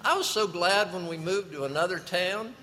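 A man preaching a sermon, telling a story with lively, animated delivery. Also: high voice, normal speed, a little hiss or hum. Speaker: pastor. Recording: long reverb of a large hall.

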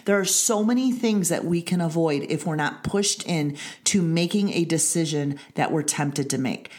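Woman, ministry leader, earnest devotional teaching, lowish voice, repeats key lines. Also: darkish tone.

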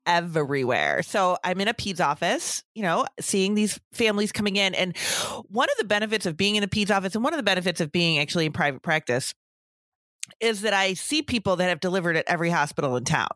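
A woman's voice: fairly low pitch, lively intonation, fast talker, fairly bright tone, no echo, studio quality. A middle-aged woman co-hosting a casual podcast, speaking emphatically with exasperated asides about work in a pediatric office. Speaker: podcast co-host, breastfeeding professional.

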